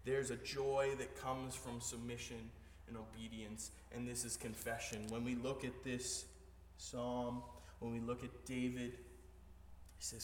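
A male pastor preaching a sermon, moving between hushed storytelling and rising, emphatic preaching. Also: medium pitch, little pitch movement, slow pace, a little hiss or hum. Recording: echoey hall, voice heard from a distance.

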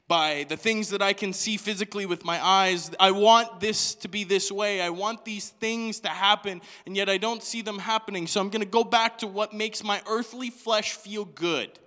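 A man preaching a sermon in a church hall, animated, asking the congregation question after question. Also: high-pitched, normal speed, hardly any pauses. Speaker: pastor.

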